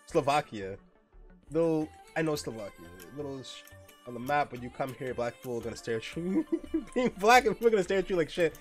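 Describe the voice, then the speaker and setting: A man's voice: fairly high pitch, sing-song, a little fast, soft background music. A young man streaming a game, chatting casually in a joking, profane way with frequent laughs. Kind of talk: casual gameplay chat.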